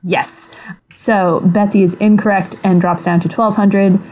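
A woman co-hosting a podcast in casual chat, recapping carefully and reading quiz clues aloud in a measured way. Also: mid-range voice, fairly even intonation, a loud crowd. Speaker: podcast co-host.

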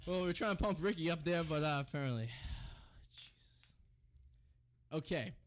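Young male college radio host, slightly high voice, rambling banter in a studio, music under. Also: fast. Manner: rambling, joking, goads his co-host loudly. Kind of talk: loose banter and singing on air.

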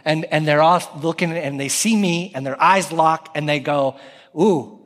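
A man in his thirties preaching a sermon as pastor, animated and calling out scripture with raised voice. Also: on the high side, normal speed. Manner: animated, calls out scripture loudly. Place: church sanctuary. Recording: long reverb of a church hall.

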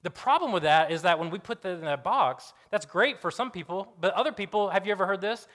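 A man's voice: high-pitched, lively intonation, a little fast, fairly bright tone. A young man preaching a sermon in a casual storytelling way, acting out the voices of the people in the story.

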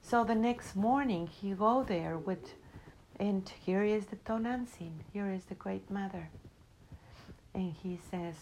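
A woman telling a spiritual story in a reflective, unhurried way, in English that is not her first language. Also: medium pitch, a little mellow, a little hiss or hum, low-quality recording. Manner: unhurried, reflective, non-native English grammar.

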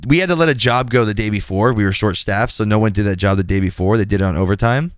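A man with a lowish, clean voice talks fast on a podcast, recorded with clean studio sound and no room noise. Animated and frank, he tells a casual story about a clash at work, acting out each person's lines in dialogue.

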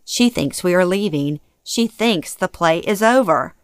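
Middle-aged woman from Louisiana, lowish voice, dry close read, heartfelt memoir narration. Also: a little slow, clear, resonant tone, no echo. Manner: earnest, emotionally expressive storytelling. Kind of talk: first-person memoir reading.

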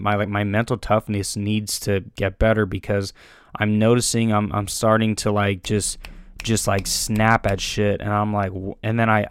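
A young man rambles through a casual monologue, cursing freely and restarting his sentences often. His voice sits a little low and sounds smooth and clear. The sound is dry and close. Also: no echo. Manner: rambling, profane, frequent restarts and fillers.

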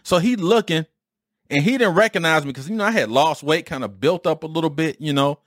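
A man in his forties or fifties from Detroit, telling a casual story on his own podcast with an animated, streetwise delivery and mild swearing. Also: on the high side, fairly quick, no echo, studio quality. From Detroit, USA. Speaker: podcast host.

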